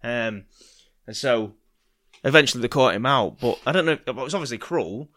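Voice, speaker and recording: Swearing British storyteller, rambling podcast talk. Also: male voice, medium pitch, animated, moderate pace, bright, forceful tone. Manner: rambling storyteller, swears often, acts out voices in anecdotes. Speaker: podcast co-host. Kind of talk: casual chat.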